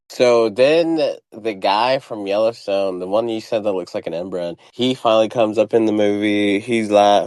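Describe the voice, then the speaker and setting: A man's voice: on the low side, normal speed, few pauses, a little mellow, dry recording. A young man hosting a podcast, chatting casually and mocking a film in blunt, profane terms. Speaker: podcast host reviewing a film. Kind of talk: casual chat.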